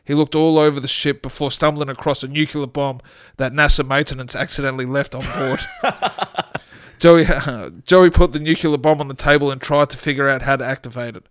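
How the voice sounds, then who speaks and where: A man's voice: mid-range voice, steady tone, brisk, clear, resonant tone, dry recording, clean studio sound. A man with an Australian accent reading his own comic short story aloud on a storytelling podcast, often breaking into laughter. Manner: reads with frequent laughter breaking through.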